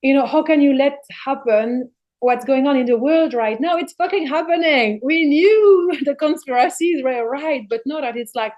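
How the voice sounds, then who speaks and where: A woman's voice: sits high, normal speed, a little mellow, muffled recording. A middle-aged woman talking as a podcast guest in a casual spiritual conversation, emphatic and passionate, swearing freely.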